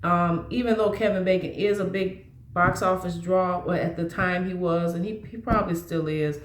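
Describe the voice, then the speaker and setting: Woman, lowish voice, loose rambling vlog chat with lots of restarts, roomy echo. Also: steady tone, moderate pace. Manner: rambling, with frequent restarts and fillers. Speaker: movie vlogger. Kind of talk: casual movie chat.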